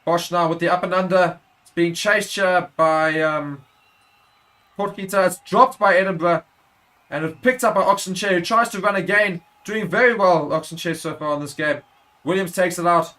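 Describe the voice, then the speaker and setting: A man's voice: high voice, normal speed, sharp tone. A man giving live play-by-play commentary on a rugby match for a watchalong stream, correcting himself as he goes and rising sharply at big moments.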